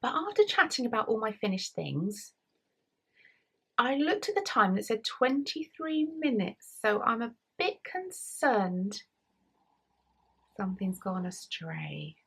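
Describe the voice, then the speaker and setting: An English woman hosting a knitting podcast, chatting casually to a camera at home and often trailing off into soft near-whispers. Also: fairly high pitch, big pitch swings, unhurried, gravelly, husky. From England. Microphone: camera mic.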